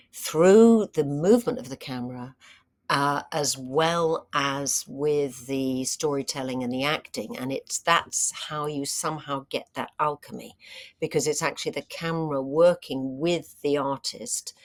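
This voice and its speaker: A middle-aged woman, an actress, telling stories in a casual interview, animated and full of fillers and restarts. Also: deep voice. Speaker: actress and screenwriter, interview guest.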